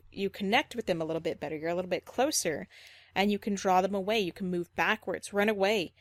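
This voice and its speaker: A woman's voice: medium pitch, no room sound. Dry-voiced woman dog trainer critiquing firmly. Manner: critical and explanatory, repeats points firmly. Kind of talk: reaction video commentary.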